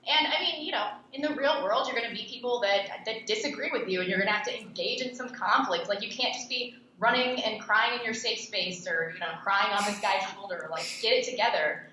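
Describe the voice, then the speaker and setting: A woman's voice: fairly high pitch, a little fast, few pauses, bright, forceful tone, dull audio. Blunt young woman in an echoey room. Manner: blunt, scornful. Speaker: podcast host and interview guest. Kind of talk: interview answers. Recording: echoey room with faint noise.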